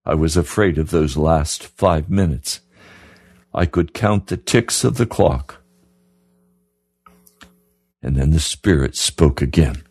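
A man's voice: extremely low pitch, takes it slowly, long pauses, a little mellow, husky, no room sound. A man preaching a radio sermon, earnest and pleading, repeating his questions to the listener. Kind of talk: sermon broadcast.

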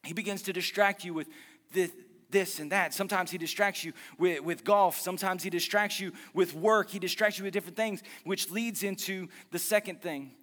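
A man preaching a sermon as pastor, lively and conversational, mixing jokes and asides about his marriage into the message. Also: high-pitched, brisk, long reverb tail.

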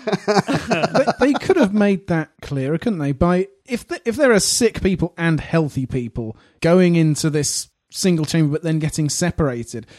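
A man's voice: a little high, animated, normal speed, darkish tone, no echo, studio quality. A man co-hosting a casual podcast chat, making wry and sarcastic quips. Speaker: podcast co-host.

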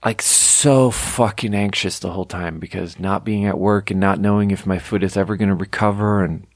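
A young man from Sweden rambles through personal stories on his podcast, swearing casually and poking fun at himself. His voice sits a little low. The sound is close and dry, with no room around it. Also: fairly even intonation, moderate pace, no room sound. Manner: rambling, profane, self-deprecating storytelling. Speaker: podcast host. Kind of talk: casual monologue. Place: home room.

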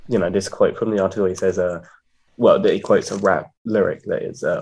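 Man, deep low voice, hesitant, lots of fillers, casual talk. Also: steady tone, fairly quick, darkish tone, slight background noise. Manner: hesitant, filler-heavy, searching for words. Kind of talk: casual conversation about poetry and rap.

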